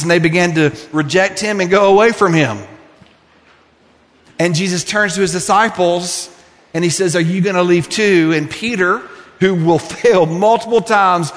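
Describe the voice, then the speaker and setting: Earnest high-voiced male preacher. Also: normal speed, fairly bright tone, long reverb tail. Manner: earnest, pleading, with rhetorical questions. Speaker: pastor. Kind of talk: sermon.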